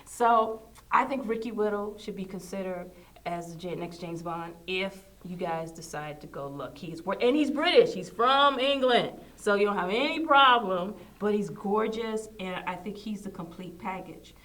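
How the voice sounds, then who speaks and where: A woman's voice: medium pitch, moderate pace, a bit bright. A woman hosting a casual pop culture chat show, talking in a chatty, enthusiastic way and laughing often. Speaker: host.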